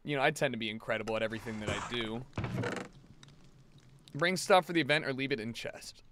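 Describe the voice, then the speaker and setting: A man's voice: medium pitch, fast talker, long pauses, noisy background. A man streaming a game live from his apartment, ranting to his chat in a rambling way and swearing freely. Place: home apartment.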